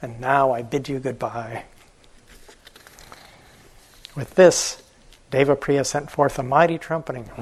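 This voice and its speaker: A man, a meditation teacher, telling an old fable in a gentle, unhurried way during a morning talk. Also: mid-range voice, poor audio.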